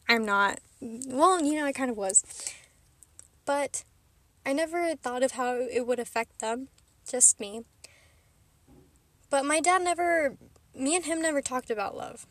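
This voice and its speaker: A woman with a high, bright-pitched voice talks straight to camera from inside her car. She rambles in a casual, chatty way, giggling and poking fun at herself. The sound is close and dry, with no room echo. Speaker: vlogger host. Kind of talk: casual vlog chat.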